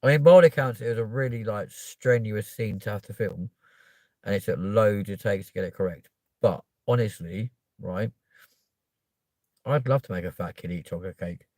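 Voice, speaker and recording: Casual streamer, man, South West London accent, cheeky and sweary, deep-ish voice. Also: normal speed, warm tone, no room sound. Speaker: live streamer. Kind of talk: casual chat to viewers.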